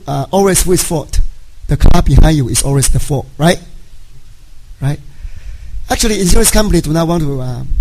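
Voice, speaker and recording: A middle-aged man with a gravelly, mellow voice tells a personal testimony to his church. He is a native Chinese speaker and talks in a halting way, often pausing and checking with his listeners. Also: a little high, slight background noise, rough recording. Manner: halting, frequent "right?" tag questions. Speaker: church member giving a testimony.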